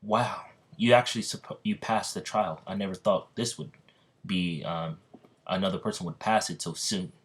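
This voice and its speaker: Casting: cunning witch woman, deep plain voice, done by a man. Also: steady tone, moderate pace, husky. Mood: surprised. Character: cunning female witch, coolly amused.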